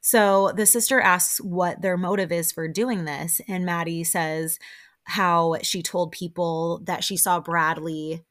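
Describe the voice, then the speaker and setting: A woman's voice: lowish voice, slow. Chatty woman recapping a reality show. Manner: chatty and animated, acting out quotes with frequent laughs. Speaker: podcast host.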